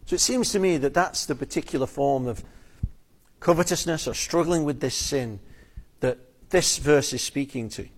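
In an expository sermon, a man with a voice on the high side preaches earnestly and emphatically. He slows on key phrases and sometimes repeats words.

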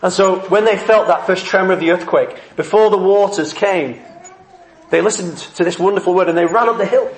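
A man's voice: sits high, fairly quick, reverberant, slight background noise. A man preaching a heartfelt, earnest sermon.

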